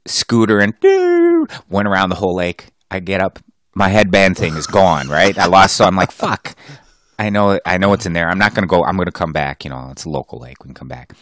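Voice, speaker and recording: A man co-hosting a podcast, chatting casually in an animated way, quick to joke and swear. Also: sits low, no echo, clean studio sound. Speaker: podcast co-host.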